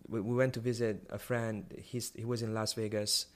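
Animated young man telling a story. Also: on the low side, moderate pace. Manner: animated, many restarts and rising emphasis. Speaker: guest sharing a testimony. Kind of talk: personal storytelling.

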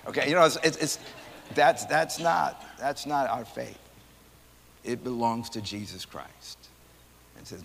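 A man, a pastor teaching Sunday school in a rambling, animated, conversational way, often repeating his words. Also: medium pitch, unhurried, vocal fry, slight background noise. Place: church hall. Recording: church hall reverb.

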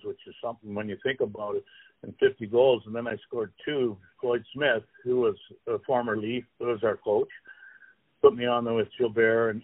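Canadian guest, 60s, rambling storyteller with lots of fillers, mid pitch, heard over a thin phone-quality feed. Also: male voice, no echo. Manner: rambling, many fillers and restarts, chuckling. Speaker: former player, guest. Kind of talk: casual storytelling. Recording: tinny phone-like dry line.

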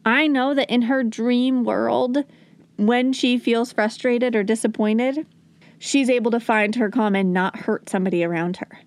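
A woman's voice: on the high side, fairly even intonation, measured pace, no echo. A woman hosting a parenting podcast, talking earnestly and coaching, at times acting out soothing words to a child. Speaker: podcast host and parenting educator. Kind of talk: conversational teaching talk.

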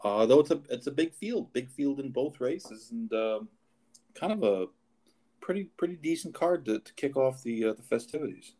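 A man hosting a horse racing talk show, talking casually with many pauses and restarts. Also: medium pitch, expressive, dark tone. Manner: halting, with many fillers and restarts. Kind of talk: casual chat.

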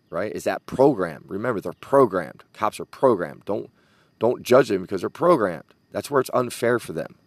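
A man's voice: lowish voice, dry recording. A man telling a story in a casual podcast monologue, swearing and laughing as he talks. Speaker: podcast host.

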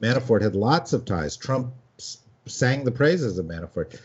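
A man's voice: medium pitch, big pitch swings, normal speed, breathy edge. A man hosting a political panel discussion, steering the talk and using lots of fillers. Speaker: host. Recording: dull lo-fi audio.

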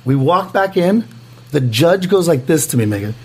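A man co-hosting a casual podcast in a gravelly, husky voice that sits a bit high for a man. He tells his story with energy, acts out other people's lines and swears freely. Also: moderate pace. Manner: animated storyteller acting out quotes, heavy swearing. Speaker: podcast co-host. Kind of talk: casual chat.

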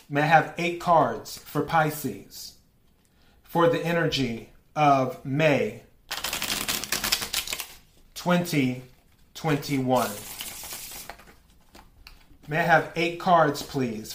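A man reads tarot cards in a slow, drawn-out way, his voice sitting a bit high. He asks for each card politely and laughs easily along the way. The room around him rings with echo. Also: a bit bright, slight background noise. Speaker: tarot reader. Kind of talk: casual tarot reading. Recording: echoey room.

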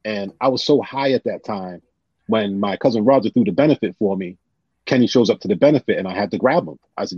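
A man telling personal stories on a podcast in an animated, casual way, often acting out what others said. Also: on the low side, quick pace, breathy edge, no room sound. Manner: animated, retells scenes with quoted voices. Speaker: guest. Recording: dull lo-fi sound.

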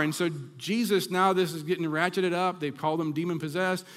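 Male pastor preaching, a little high-pitched, slows down for dramatic scripture lines; echoing hall. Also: steady tone, fairly bright tone. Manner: dramatic scripture reading with emphatic slowdowns. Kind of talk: sermon. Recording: long reverb of a hall.

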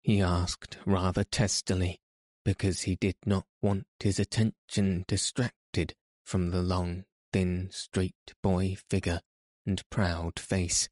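A man with a deep, low voice reads a classic novel aloud, slow and measured. The sound is dry and close, with no room around it. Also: flat delivery, darkish tone, no echo. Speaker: audiobook narrator. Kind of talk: scripted storybook narration.

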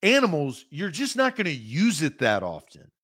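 A man co-hosting a sports podcast, chatting casually in a high, bright voice. His pitch swings widely as he jokes around and laughs often. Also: moderate pace, husky. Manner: animated, joking, laughs often. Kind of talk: casual chat.

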